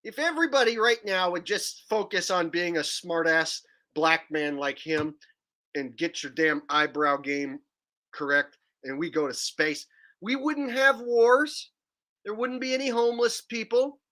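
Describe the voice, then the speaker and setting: A man's voice: fairly high pitch, sharp tone. A man ranting in a profane, mocking monologue to his viewers. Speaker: video blogger.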